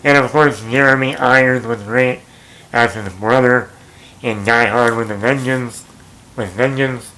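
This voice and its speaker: A man's voice: mid-range voice, fairly even intonation, unhurried, sharp tone, rough recording. A man talking casually about movies, rambling and correcting himself as he goes, with an occasional chuckle. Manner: rambling, self-correcting, chuckles at own jokes. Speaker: movie vlogger.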